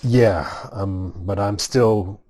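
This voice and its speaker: A man playing in a tabletop role-playing game, speaking in a halting, stammering way. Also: lowish voice, warm tone. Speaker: player. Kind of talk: casual tabletop play.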